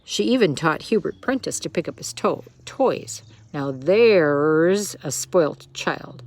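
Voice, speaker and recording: A woman's voice: low-pitched, lively intonation, slow pace, darkish tone, full character voice. A woman voicing a gossipy housemaid in a storybook reading, with a folksy, emphatic way of talking. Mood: chatty. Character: Irish maid, chatty, gossipy.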